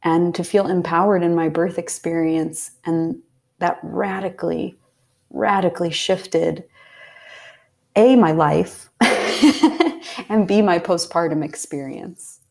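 A woman from Pennsylvania, a podcast guest, telling a personal story in a heartfelt way, sometimes dropping to a soft whisper. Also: fairly low pitch, steady tone, a little slow, gravelly. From Pennsylvania, USA. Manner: heartfelt, drops to soft whispers when recalling intense moments. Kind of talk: casual storytelling.

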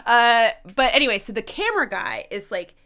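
A woman co-hosting a podcast, telling a story in casual chat with lots of "like" and quick acted-out quotes. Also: on the high side, sing-song, bright, forceful tone, lo-fi sound. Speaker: podcast co-host. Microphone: headphones.

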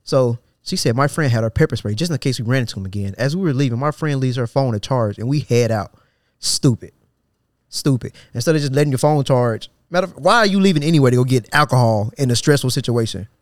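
A man's voice: mid-range voice, animated, quick pace, dry recording, clean studio sound. A man hosting a podcast, reading a social media thread aloud in a loose, slangy way and stopping often to mock it with sarcastic disbelief. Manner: sarcastic and incredulous, breaks off reading to mock the poster; loose, slangy delivery with frequent restarts. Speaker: podcast host.

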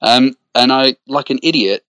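A man's voice: medium pitch, moderate pace, pushed and bright, no room sound. An English man from Gloucestershire, a podcast guest, talking casually in a rambling, self-deprecating way with many ums and restarts over a video call. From Gloucestershire, England. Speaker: podcast guest, web business owner. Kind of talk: casual interview chat.

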